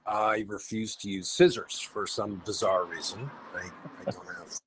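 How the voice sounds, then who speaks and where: Lively male guitarist telling stories. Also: on the low side, a little slow, noisy background. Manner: animated anecdotes with acted-out quotes. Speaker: podcast guest, rock guitarist. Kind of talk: casual storytelling interview.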